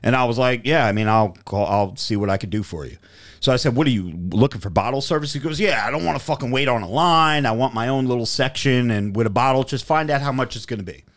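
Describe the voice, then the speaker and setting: Man, podcast host, casual storytelling, profane, animated, acts out dialogue. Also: medium pitch, fast.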